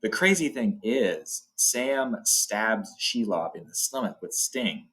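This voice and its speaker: A man's voice: on the low side, expressive, slow, fairly bright tone. A man hosting a book channel, chatting casually and enthusiastically as he ranks legendary swords, rambling a little as he goes. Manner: enthusiastic, rambling, says awesome often. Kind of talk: casual ranking talk.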